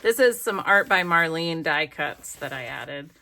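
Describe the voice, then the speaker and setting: Here a female craft vlogger talks a little slowly, her deep voice sharp in tone yet lively in intonation. Captured by a desk camera, she pages through her book in a relaxed flip-through, rambling and raving over favorites.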